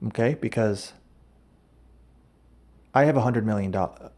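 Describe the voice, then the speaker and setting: A man with a slightly mellow voice on the low side speaks a little slowly as a podcast host. He rambles through a ridiculous comic story, frequently stopping to correct himself.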